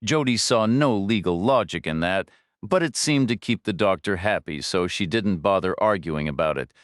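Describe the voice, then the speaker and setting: A man narrating a thriller audiobook in measured, steady storytelling, recorded on a studio microphone. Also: low-pitched, no room sound. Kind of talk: scripted narration.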